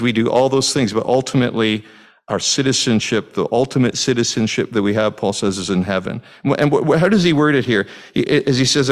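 A middle-aged Canadian pastor with a mid-range voice preaches a sermon, putting questions to the congregation conversationally. He frequently restarts his sentences.

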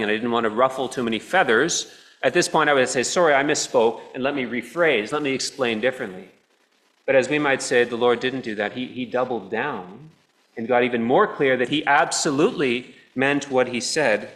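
A man preaching a sermon in a church, his voice sitting in an ordinary middle pitch. He talks earnestly, dropping soft and low at times and then pressing a point with sudden emphasis. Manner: earnest, swings between soft and emphatic delivery.

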